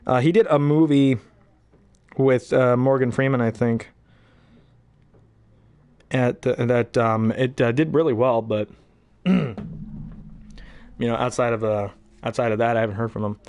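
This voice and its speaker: A man's voice: medium pitch, steady tone, unhurried, pauses often, a little mellow. A young man casually chatting between impressions, rambling and hesitant with many fillers. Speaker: hobby voice actor.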